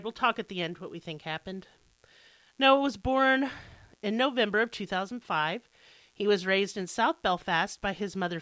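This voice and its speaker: Woman, American accent, true crime podcast host, casual and irreverent, self-deprecating, bright tense voice, dry close sound. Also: mid-range voice, no room sound.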